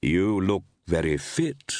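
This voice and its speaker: A man reading aloud, voicing a composed gentleman who speaks in a measured, politely probing way. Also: deep voice, very animated, no room sound, clean studio sound, full character voice.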